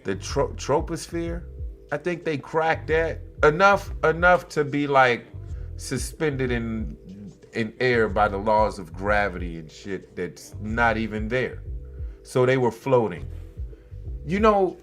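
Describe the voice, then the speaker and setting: A man hosting a podcast of casual news commentary reads an article aloud at a slow pace while soft music plays. He punctuates it with sarcastic, profane mockery, shifting between a flat read and loud, high outbursts.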